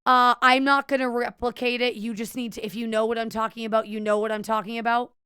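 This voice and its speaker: A young woman streams and talks to her viewers in an animated, swearing storytelling style, stumbling now and then over her words. Her voice sits a little high and sounds bright and crisp. It is recorded close on a mic in a dry room. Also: quick pace, no echo. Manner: animated storytelling, quoting herself, swears often, slight stutter. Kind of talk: casual chat to stream viewers.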